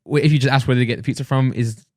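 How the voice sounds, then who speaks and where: Fast-talking young man. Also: mid-range voice, steady tone, dry recording, clean studio sound. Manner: reactive, interjecting, questioning. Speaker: podcast co-host. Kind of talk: casual chat.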